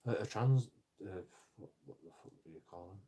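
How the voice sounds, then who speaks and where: A man's voice: lowish voice, brisk, warm tone, husky. A man ranting casually on a live stream, rambling and profane, with lots of stumbling restarts.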